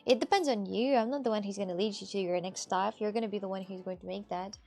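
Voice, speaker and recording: A woman's voice: medium pitch, fairly even intonation, fast, a little mellow. A woman livestreaming, chatting casually and answering viewer messages in a teasing way. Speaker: livestreamer reading chat. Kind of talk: casual live-stream chat.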